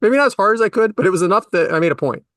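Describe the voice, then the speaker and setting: Rapid-fire delivery marks this middle-aged podcast co-host as he shares exasperated stories of daily life in a casual conversation. His pitch jumps widely, and the sound is clean, dry studio quality.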